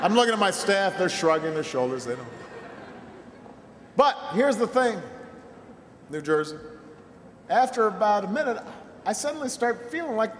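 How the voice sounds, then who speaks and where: A man giving a campaign rally speech, telling a self-mocking story and then rallying the crowd with shouted calls. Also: sits high, big pitch swings, moderate pace, pauses often, slight background noise. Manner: storytelling with a self-mocking humor, building into shouted call-and-response. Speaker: political speaker at a rally. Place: large rally venue full of people. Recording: echoey PA sound in a long hall with a loud crowd. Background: cheering crowd.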